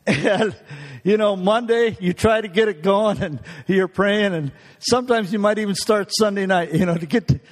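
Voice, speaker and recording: High-voiced man preaching in a reverberant hall. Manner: folksy, laughing often, many restarts. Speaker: guest preacher. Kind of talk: sermon with personal stories. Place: church.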